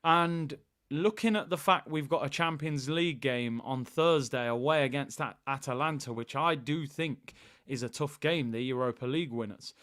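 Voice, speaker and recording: A man hosting a live football watchalong, chatting excitedly with viewers. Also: medium pitch, normal speed. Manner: excitable, hyping up the live chat.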